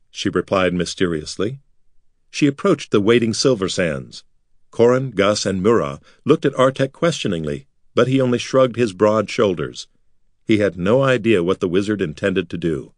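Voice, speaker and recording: A man reading a fantasy novel aloud as an expressive audiobook narrator. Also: on the low side, normal speed, no room sound, clean studio sound. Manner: lively, expressive storytelling.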